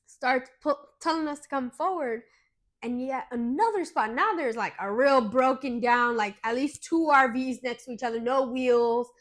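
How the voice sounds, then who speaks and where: A woman co-hosting a podcast, telling a story in casual chat with animated, dramatic retelling and some swearing. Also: high-pitched, normal speed. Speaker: podcast co-host.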